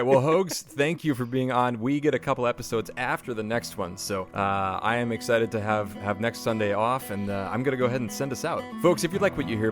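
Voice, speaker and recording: A man as quick, lower-voiced podcast host, brisk sign-off, music underneath. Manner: brisk, reads a promo sign-off. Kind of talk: casual sports chat and scripted sign-off.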